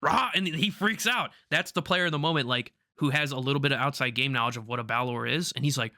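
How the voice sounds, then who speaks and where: Bright, eager-sounding man on a podcast. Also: mid-range voice, fast, no echo, studio quality. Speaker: podcast co-host. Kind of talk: casual chat about tabletop games.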